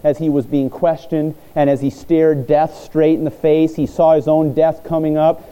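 Guy preaching a sermon, real earnest, stops and restarts a lot, slightly higher voice but super mellow dark tone. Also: dull audio. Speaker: pastor.

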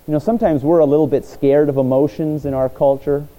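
A man preaching a sermon in an earnest way, pausing and restarting his phrases. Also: on the high side, steady tone, dark tone, poor audio. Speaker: pastor.

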